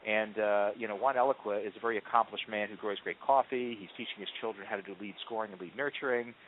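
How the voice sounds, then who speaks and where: A man's voice: lowish voice, fast, slight background noise. Man telling stories down a phone line. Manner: animated storyteller, frequent ums and restarts. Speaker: marketing executive guest. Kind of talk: conversational interview answers. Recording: tinny phone-line audio.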